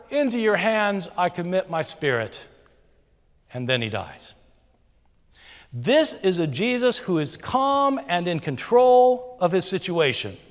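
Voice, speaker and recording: Animated man lecturing in a hall. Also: sits high. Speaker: debater. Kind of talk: formal debate speech. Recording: reverberant hall.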